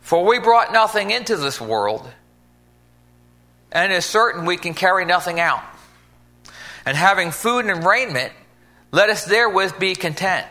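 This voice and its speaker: A man's voice: high-pitched, very animated, a little slow, pauses often, sharp tone. A man preaching an informal sermon in a folksy, conversational way, acting out little scenes as he goes.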